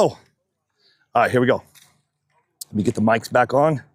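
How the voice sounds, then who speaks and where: A man's voice: medium pitch, big pitch swings, brisk, no echo, studio quality. Chatty man announcing at a drag track. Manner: joking, chatty, loud calls to the crowd. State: slightly out of breath. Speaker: race announcer. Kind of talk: casual live-stream commentary. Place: outdoor drag racing track. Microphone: wireless mic worn on body.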